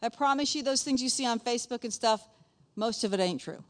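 A woman's voice: on the high side, brisk, fairly bright tone. Chatty woman teaching a Bible lesson. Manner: chatty, checks in with "okay?" often.

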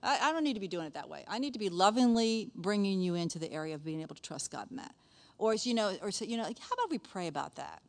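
A woman's voice: mid-range voice, fast. A middle-aged woman giving a casual, chatty sermon as a pastor's wife, often checking in with the listeners. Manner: chatty, animated, frequent "okay?" asides.

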